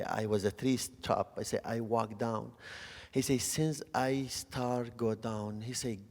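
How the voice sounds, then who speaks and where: Man preaching into a reverberant hall. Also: on the low side. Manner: halting, repeats words, swings between loud and soft. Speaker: youth speaker. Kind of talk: testimony sermon. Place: church hall.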